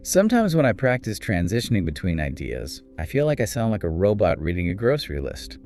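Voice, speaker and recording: Low-voiced man teaching spoken English. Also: huge pitch swings, fairly quick, darkish tone, faint music behind. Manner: clear, encouraging teacher delivery. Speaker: co-host of an English speaking course. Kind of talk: scripted lesson dialogue.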